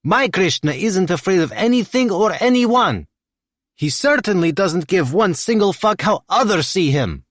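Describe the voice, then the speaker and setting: A man's voice: high-pitched, very animated, measured pace, a bit bright, dry recording, clean studio sound, voice pushed up, exaggerated voice. A man voicing a blunt, scolding middle-aged Russian mother in an audiobook. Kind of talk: audiobook character voice.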